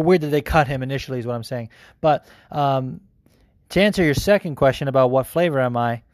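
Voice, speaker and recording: A man's voice: mid-range voice, darkish tone, no room sound, clean studio sound. An American man hosting a podcast in casual chat, rambling, swearing freely and laughing easily. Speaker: podcast host.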